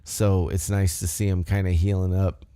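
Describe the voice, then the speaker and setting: A man's voice: low voice, little pitch movement, moderate pace, dark tone, clear, resonant tone, no echo. A man hosting a podcast, recapping a show in a rambling, conversational way. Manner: rambling, conversational, loose storytelling. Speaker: podcast host. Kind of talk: casual wrestling recap.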